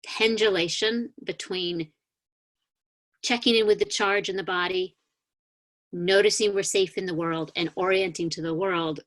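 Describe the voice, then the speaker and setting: A woman minister giving a sermon over a video call, gently guiding a grounding meditation with calm, inviting words and a few soft hesitations. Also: on the low side. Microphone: video call mic.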